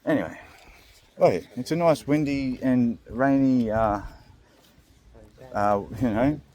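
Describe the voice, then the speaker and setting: A man's voice: mid-range voice, takes it slowly, dark tone. A young Australian man rambling through a comedic vlog, crude and joking, often laughing. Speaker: vlog host.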